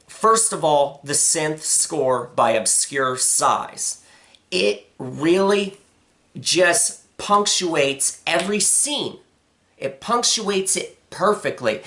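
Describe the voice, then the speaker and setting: A woman giving a casual, rambling film review, swearing freely and filling pauses with "uh" and "like.". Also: low-pitched, fairly bright tone. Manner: rambling, profane, frequent fillers.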